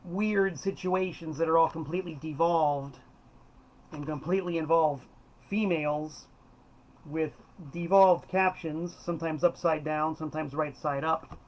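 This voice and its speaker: A man's voice: on the high side, steady tone, measured pace, low-quality recording. Enthusiastic rambling man in his fifties. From South Florida. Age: 50s. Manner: rambling and enthusiastic, self-correcting. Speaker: host. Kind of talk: casual monologue about records.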